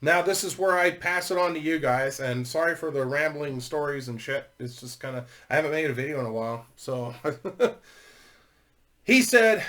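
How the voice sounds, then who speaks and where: A man's voice: a little high, normal speed, sharp tone. Rambling, profane male YouTuber. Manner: swears constantly, laughs while telling. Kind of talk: casual rambling storytelling.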